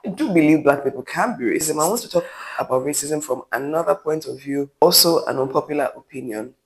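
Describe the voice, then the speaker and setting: A man's voice: a little high, fairly quick, a little hiss or hum, low-quality recording. A man from Nigeria with a Nigerian accent, giving his opinions in a vlog in a candid, emphatic way with rambling asides. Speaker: vlogger.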